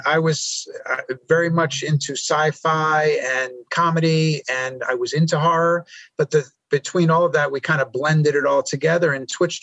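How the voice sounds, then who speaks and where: A man's voice: on the high side, vocal fry, fairly bright tone, no room sound, poor audio. A man from New York telling stories as a podcast guest, often stumbling over and repeating his words. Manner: halting, repeats words while thinking. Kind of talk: casual storytelling interview. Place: around a table with hosts.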